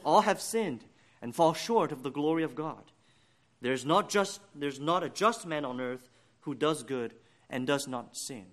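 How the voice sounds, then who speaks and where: A man's voice: a little high, lively intonation, a bit bright. Earnest male preacher giving a sermon. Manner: earnest, deliberate preaching with rising emphasis.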